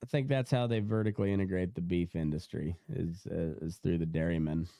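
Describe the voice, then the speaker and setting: A man's voice: low voice, fairly even intonation, a little fast, mellow, no echo. A young man hosting a casual podcast chat, rambling with many fillers and restarts and laughing often, on a close mic. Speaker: podcast host.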